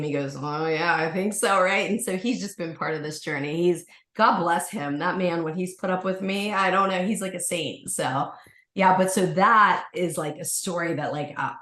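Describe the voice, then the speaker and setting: A woman with a lowish voice tells a personal story in a casual podcast chat, animated and full of fillers, jumping into the voices of the people in it. Her voice carries a roomy echo. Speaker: yoga teacher and podcast guest.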